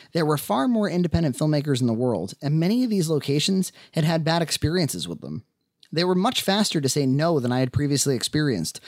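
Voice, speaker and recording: A man's voice: fairly high pitch, dry recording. Man narrating in a dry close voice. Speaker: independent filmmaker. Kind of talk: first-person narration of a film's making.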